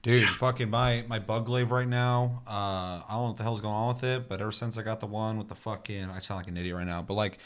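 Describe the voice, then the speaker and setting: A man's voice: fairly low pitch, steady tone, fast, few pauses. A man co-hosting a gaming podcast, telling rambling, profane stories and acting out silly voices as he goes. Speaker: podcast co-host. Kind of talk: casual gaming chat.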